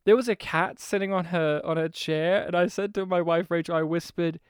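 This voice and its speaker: A man co-hosting a podcast in casual chat, animated and full of questions. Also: a little high, a little fast, smooth, no echo, clean studio sound. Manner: animated, asks lots of questions. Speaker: podcast co-host.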